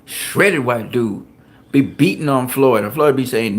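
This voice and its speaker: A man hosting a boxing talk show, telling gym stories in a casual, profane, animated way and laughing often. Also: medium pitch, a little slow. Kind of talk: casual chat.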